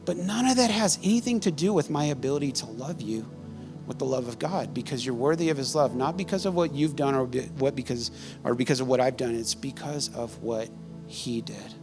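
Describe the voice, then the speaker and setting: A man's voice: medium pitch, lively intonation, a little fast, music in the background. A man preaching a sermon as pastor, telling stories conversationally and laughing often.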